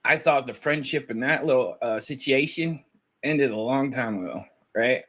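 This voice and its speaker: A man telling a story in a casual podcast chat, with a voice in a middle pitch. He retells a conversation with energy and plays both people in it. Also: normal speed, background noise. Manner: animated storytelling, acting out both sides of a conversation. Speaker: guest recounting a call.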